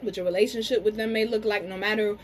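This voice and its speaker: A woman giving a casual card reading to camera, talking frankly to her viewers, cursing freely and slowing down to say some words carefully. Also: mid-range voice, steady tone, slight background noise, rough recording. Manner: frank, chatty, curses freely, addresses viewers as y'all. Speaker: tarot and spiritual reader.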